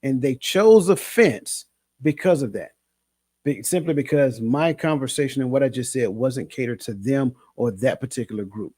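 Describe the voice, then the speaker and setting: Male coach with a slightly husky voice and a dry close sound. Measured, emphatic delivery. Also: mid-range voice, darkish tone, no room sound. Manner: measured, emphatic, repeats himself. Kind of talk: casual discussion.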